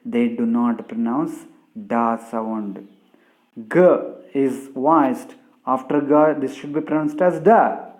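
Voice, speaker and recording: A man teaching English pronunciation slowly, spelling out sounds one by one and ending phrases with a friendly "my dear friends". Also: fairly even intonation. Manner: slow, deliberate, repeats "my dear friends", drops pitch at phrase ends. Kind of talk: slow classroom explanation.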